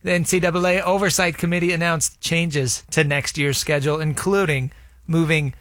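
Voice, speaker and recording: A man on a sports talk show, reading headlines in a casual way. His voice sits a little high. The recording is close and dry. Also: flat delivery, normal speed, fairly bright tone, no echo.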